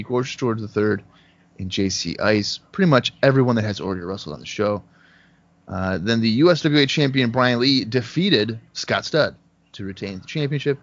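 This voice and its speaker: Give me a low-voiced man rattling off results over a muffled call. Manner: rattles off lists of results in a dry, even run. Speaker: podcast co-host. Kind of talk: casual podcast chat. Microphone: remote call headset mic. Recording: dull lo-fi call audio.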